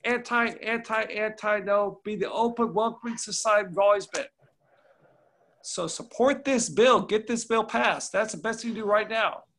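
High-voiced, folksy, emphatic congressman. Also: normal speed, fairly bright tone. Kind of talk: remote panel discussion.

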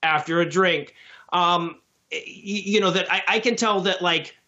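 Podcast guest, male, bright tense voice, self-deprecating ramble. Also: sits high, unhurried, lo-fi sound. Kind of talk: casual podcast chat.

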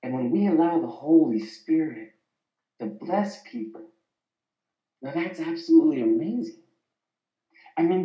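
A man giving an inspirational Christian talk, telling stories with lively, animated voiced quotes. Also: on the high side. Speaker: speaker. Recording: roomy muffled sound.

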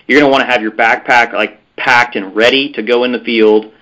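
A man's voice: medium pitch, steady tone, fairly quick, pushed and bright, low-quality recording. A man guest on a podcast, telling a story in a rambling way with lots of fillers and restarts. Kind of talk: casual storytelling interview.

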